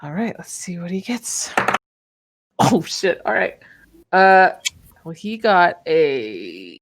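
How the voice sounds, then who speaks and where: A woman runs a tabletop game in a casual, halting way, thinking aloud as she narrates. Her voice sits fairly low, and the recording is dry and close with no room sound. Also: big pitch swings, no echo. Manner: casual, filler-heavy, hesitant narration. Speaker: game master.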